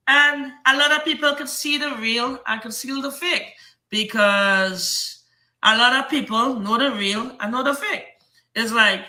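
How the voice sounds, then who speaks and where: Trinidadian male streamer, rambling defensive rant, piercing bright tone, roomy echo. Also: very high-pitched, measured pace. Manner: rambling, repetitive, heated. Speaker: comic book seller and streamer.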